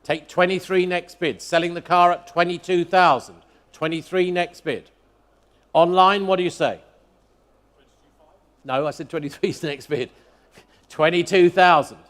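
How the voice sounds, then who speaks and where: A man running a live car auction from the rostrum, his voice sitting a little high for a man. He calls bids in a quick, sing-song chant, repeating each figure over and over between asides to the room. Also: steady tone, fairly bright tone. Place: auction hall at a motor museum.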